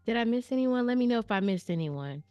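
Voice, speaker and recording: A woman's voice: a little high, expressive, fast, mellow, dry recording, dull audio. A woman hosting a live stream, chatting casually and playfully with her viewers in a slangy, direct way. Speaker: livestream host reviewing viewer artwork. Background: faint background music.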